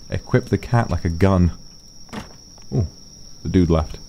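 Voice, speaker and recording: A man streams a game with playful, excitable commentary, breaking into squeals and animal calls. His voice leaps across a huge range, rough and gravelly underneath, and he takes his time between remarks. A faint background hum sits under the audio. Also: low-pitched, moderate pace, pauses often. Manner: playful, chatty asides to viewers. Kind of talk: gaming livestream commentary.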